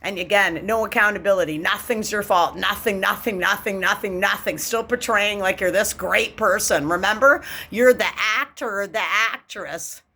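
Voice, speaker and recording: A woman's voice: medium pitch, moderate pace, few pauses, pushed and bright. A woman from Canada delivering a bitter, profane rant to camera. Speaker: vlogger. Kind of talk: angry monologue to camera.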